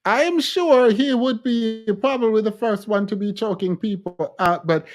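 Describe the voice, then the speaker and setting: A woman's voice: a little high, moderate pace, a little mellow. A woman hosting a reaction commentary, sarcastic and exasperated, repeating phrases for effect. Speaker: commentary host.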